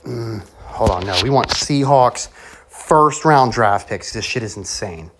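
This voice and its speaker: A man's voice: mid-range voice, a little slow, slight background noise. Profane, rambling sports-show man. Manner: profane, sarcastic, excitable, talks about himself as Coach. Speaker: sports predictions host. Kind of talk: rambling conspiratorial sports monologue.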